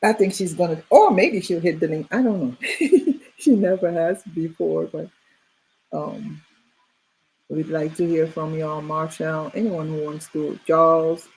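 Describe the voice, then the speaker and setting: A woman's voice: low voice, measured pace, a little mellow, husky, poor audio. A middle-aged woman hosting a casual group chat, rambling with many fillers and restarts.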